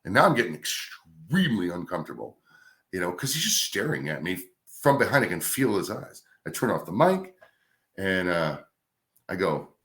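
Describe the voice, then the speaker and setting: A middle-aged man, a radio host, telling a career story in a casual, animated way. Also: sits low, moderate pace. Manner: animated anecdote telling with acted-out quotes. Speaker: radio host, podcast guest.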